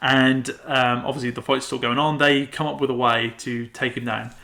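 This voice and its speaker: A man's voice: mid-range voice, level tone, moderate pace, vocal fry, sharp tone. A man co-hosting a film review chat, walking through the plot step by step. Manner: recaps plot step by step, chatty. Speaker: film review podcast co-host.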